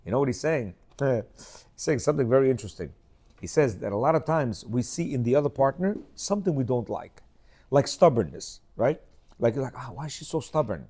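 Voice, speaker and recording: A man's voice: mid-range voice, animated, normal speed, mellow. A middle-aged man telling a rambling personal story with many restarts and acted quotes, as host of a casual talk.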